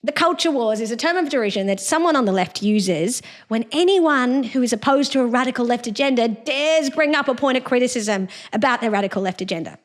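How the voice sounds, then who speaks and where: A woman's voice: a little high, animated, fairly quick, hardly any pauses. A woman hosting a podcast, giving an indignant, scornful solo commentary with derisive laughs. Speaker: podcast host.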